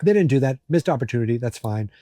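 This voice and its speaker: Male podcast host, casual recap, warm dark tone, dry sound, rambly and jokey. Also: mid-range voice, expressive, fast, dry recording, soft background music. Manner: rambling, joking, many fillers.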